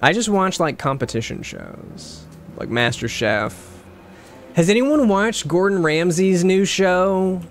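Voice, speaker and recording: Gravelly-voiced man chatting on stream. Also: high-pitched, expressive, takes it slowly. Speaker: game streamer. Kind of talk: casual live-stream chat over gameplay.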